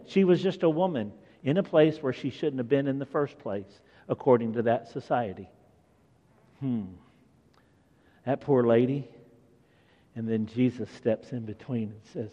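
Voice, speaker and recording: Slow-preaching man in an echoey hall. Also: medium pitch, dull audio. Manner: animated storytelling, acts out scenes. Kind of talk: sermon.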